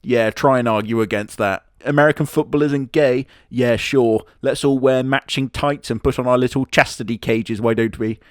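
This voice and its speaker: Sardonic man narrating anime recaps with crude humor; medium pitch, dry closely miked read. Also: fairly even intonation, moderate pace, hardly any pauses, dry recording. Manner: sarcastic, crude, mocking asides. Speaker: anime reviewer. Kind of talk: comedic anime commentary.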